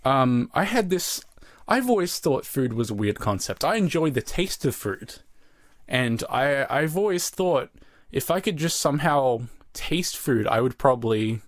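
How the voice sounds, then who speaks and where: A man's voice: mid-range voice, lively intonation, measured pace, no room sound, clean studio sound. A young man co-hosting a podcast, chatting casually in a rambling, jokey, profane way. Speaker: podcast co-host. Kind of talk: casual chat.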